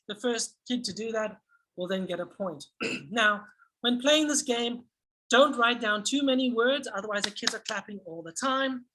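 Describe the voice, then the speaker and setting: A woman explaining a lesson plan to other teachers in a teacher training tutorial, energetic and acting out classroom prompts. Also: on the high side, background noise.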